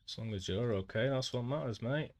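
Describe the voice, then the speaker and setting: A man's voice: medium pitch, brisk, darkish tone. A man with a Manchester accent chatting casually with viewers while streaming a game, calling them mate. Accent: Northern English, Manchester. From Manchester, England. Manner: chatty, talks to chat, says "mate" often. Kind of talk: casual gameplay livestream chat.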